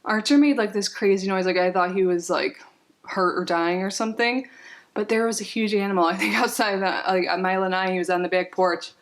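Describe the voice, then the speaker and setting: A woman's voice: medium pitch, a little fast. A woman vlogger sitting on the floor at home, chatting casually as she unboxes a package, rambling and giggling with lots of "like"s.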